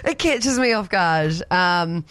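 A woman's voice: fairly low pitch, expressive, slow pace, a bit bright, clean tone, no room sound. A woman hosting a radio show, bubbly and soothing, in a sing-song way. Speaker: radio host. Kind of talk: upbeat radio chat. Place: radio studio. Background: music.

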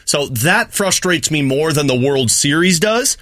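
A male sports radio co-host with a slightly high, bright, sharp voice, recorded dry in the studio. He speaks candidly and with energy. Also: measured pace, dry recording. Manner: candid, animated, explains his frustration.

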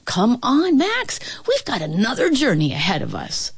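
Woman doing a frantic, excitable royal cook. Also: fairly high pitch, moderate pace, vocal fry, slightly rough, pitched above the performer's own voice, heavily acted.

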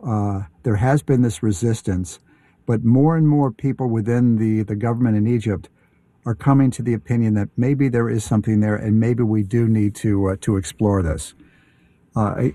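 A man talking casually as a guest on a radio show, enthusiastic but halting, with many fillers and restarts. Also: mid-range voice, mellow, no room sound.

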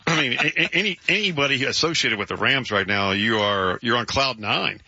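Man hosting sports radio, very bright voice, a bit husky, animated and jokey. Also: mid-range voice, fairly quick, no echo. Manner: animated, jokey, breaks into playful quoted voices. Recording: dull dry lo-fi studio sound.

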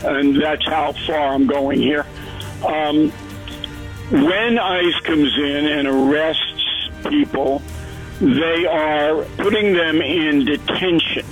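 A man's voice: a little high, fairly even intonation, slow, soft background music, poor audio. A man giving talk radio commentary, emphatic and laying out his points one by one. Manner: emphatic, lays out points in lists.

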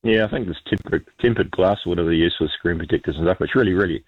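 A man's voice: deep voice, very fast, slightly rough, no room sound, narrow, tinny audio. A New man chatting casually as a radio guest, rambling with lots of ums and restarts.

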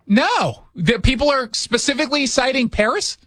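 A man's voice: very high voice, lively intonation, moderate pace, fairly bright tone, dry recording. A middle-aged man hosting a radio talk show in his studio, chatting casually with sarcastic jokes and rhetorical questions. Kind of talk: casual political commentary chat. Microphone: studio mic.

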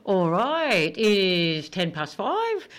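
A woman's voice: medium pitch, very animated, slow. A woman with an Australian accent hosting a radio show, chatting upbeat about sport and telling jokes. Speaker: radio host. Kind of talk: casual radio DJ chat.

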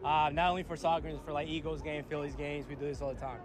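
Easygoing Peruvian-born fan amid a crowd. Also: male voice, fairly high pitch, steady tone, fast. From Peru. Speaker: football fan. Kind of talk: casual interview. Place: outdoor stadium car park at a tailgate. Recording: busy outdoor crowd behind.

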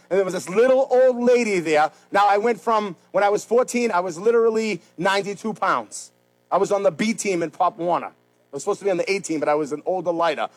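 A man preaching a sermon as pastor, swinging between loud, fervent rises and quiet, slow pleas. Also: high-pitched, low-quality recording.

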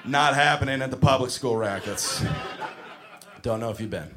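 A man doing a crude stand-up comedy set, ranting and shouting mock arguments. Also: mid-range voice, moderate pace, a crowd in the background, background noise.

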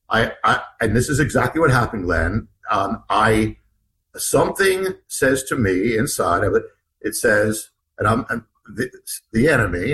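Bright-voiced man telling a gripping story. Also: medium pitch, a little hiss or hum, poor audio. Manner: halting, repeats words and restarts often; vivid, acts out what others said. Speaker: author guest. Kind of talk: animated interview storytelling.

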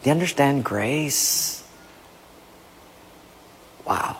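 Emphatic gravelly preacher man. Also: on the high side, expressive, unhurried, in a large hall. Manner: emphatic, conversational preaching with direct address. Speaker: pastor. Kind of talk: sermon.

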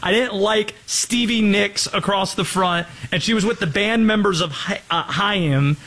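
A man's voice: high-pitched, a little slow, pushed and bright. A man hosting a sports talk show, teasing his co-host in a mock-serious way.

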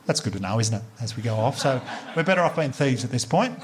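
An Australian man performing a stand-up comedy routine on stage, telling a story in a rapid, animated way with swearing. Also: mid-range voice, slight background noise. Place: live venue with audience. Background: audience laughter.

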